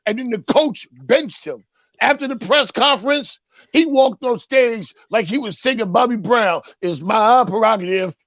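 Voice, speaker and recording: A man's voice: extremely high pitch, lively intonation, normal speed, fairly bright tone, no room sound, muffled recording. A man doing a comedic sports rant segment, mocking and punchy, with a repeated catchphrase. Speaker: sports talk segment host.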